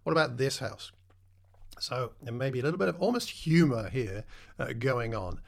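Male preacher, gravelly mid-pitched voice, relaxed conversational sermon full of questions. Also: moderate pace. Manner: conversational, asks the listeners questions.

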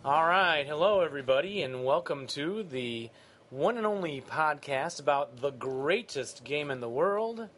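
A man's voice: on the high side, expressive, measured pace, fairly bright tone, faint music behind. A man hosting a podcast, chatting casually and teasing with dry humor. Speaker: podcast host.

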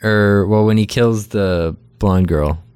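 A man's voice: lowish voice, slow, darkish tone, clear, resonant tone, no echo. A man co-hosting a casual chat, laid-back and throwing in dry asides. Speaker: podcast co-host.

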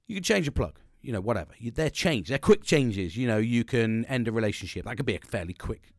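A man's voice: mid-range voice, expressive, a little fast, no room sound, studio quality. A man talking frankly in a casual monologue, rambling and swearing as he restarts his sentences.

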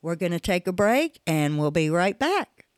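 A woman's voice: fairly low pitch, sing-song, normal speed, smooth, no room sound, studio quality. A woman in her forties hosting a personal podcast monologue, speaking candidly and emphatically with casual swearing. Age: 40s. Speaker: podcast host.

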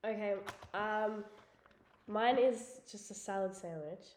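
A woman joins a podcast as a guest and tells her stories in a giggly, casual way. Her pitch is ordinary for a woman. There is a roomy echo around her voice. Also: slow, darkish tone. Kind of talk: casual chat.

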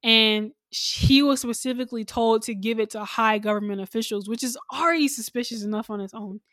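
A woman's voice: fairly high pitch, brisk, a bit bright, dry recording. A woman co-hosting a casual podcast, giving a long, laid-back summary of an anime episode. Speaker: podcast co-host. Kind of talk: casual anime recap chat.

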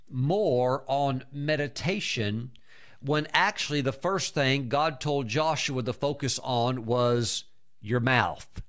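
Animated man preaching a fervent sermon. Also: medium pitch. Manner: emphatic, animated preaching with repeated exclamations. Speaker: pastor.

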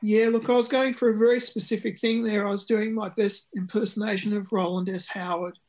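A man's voice: high voice, little pitch movement, a little fast, a little mellow. A man, a musician talking about his record in an interview, with many ums and restarts. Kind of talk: conversational interview.

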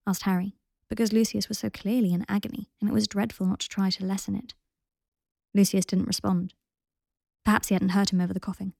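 A woman reads a story aloud in a calm, steady voice with a gravelly texture. The sound is dry and close, with no room around it. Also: medium pitch, fairly quick, no echo. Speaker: narrator. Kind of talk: audiobook reading of fan fiction.

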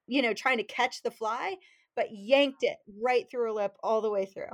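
Animated woman telling a fishing story. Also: a little high, normal speed. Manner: animated, acts out quotes, laughs while telling. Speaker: fishing guide, podcast guest. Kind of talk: casual storytelling.

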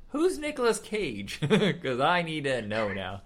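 A man's voice: mid-range voice, huge pitch swings, a little slow, few pauses, a bit bright, slight background noise. A man co-hosting a casual movie-review podcast, making wry, laughing, profane asides. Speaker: podcast co-host.

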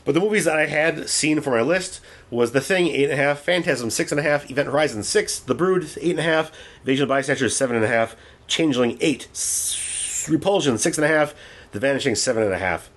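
Profane, animated man reviewing movies. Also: on the high side, fairly quick. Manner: profane, animated retelling with put-on voices. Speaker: podcast co-host. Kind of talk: casual movie review chat.

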